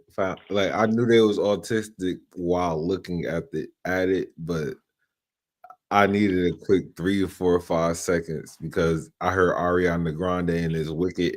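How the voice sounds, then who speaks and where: A man's voice: deep voice, a little mellow. A man hosting a late-night streaming show, chatting casually in slangy, laid-back talk. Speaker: show host. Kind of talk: casual chat.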